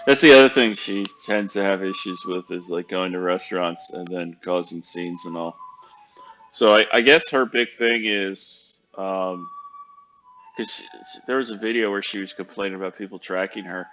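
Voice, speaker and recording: Halting, low-voiced commentator in his fifties. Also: a bit bright, dull audio, soft background music. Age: 50s. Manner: rambling, hesitant with many fillers. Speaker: YouTube commentator. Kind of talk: casual commentary.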